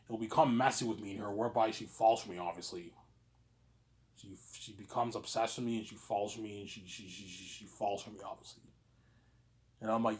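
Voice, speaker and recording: A man in his thirties rambling through a personal monologue, stammering and repeating himself, dropping to a mutter and then rising to loud outbursts. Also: fairly quick, long pauses. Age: 30s. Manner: repetitive, stammering restarts, frequent "obviously"; swings between low muttering and loud outbursts. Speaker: vlogger.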